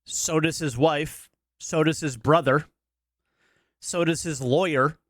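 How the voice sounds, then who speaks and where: A man's voice: on the high side, steady tone, slow, no room sound, studio quality. A man giving casual reaction commentary as a streamer, blunt and skeptical, pushing back on what he hears.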